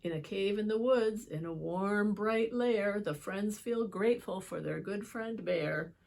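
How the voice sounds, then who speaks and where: A woman reading picture books aloud to children, expressive, with chatty asides to her young viewers. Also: medium pitch, measured pace, vocal fry. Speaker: children's book reader. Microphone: holds book up to camera.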